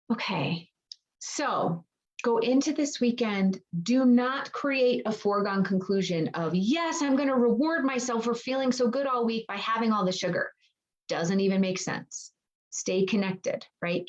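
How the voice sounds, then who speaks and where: A woman's voice: lowish voice, creaky, dull audio. A woman coach leading a live online group session, talking energetically and acting out inner dialogue with rhetorical questions. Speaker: mindset and nutrition coach. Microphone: computer mic on a video call.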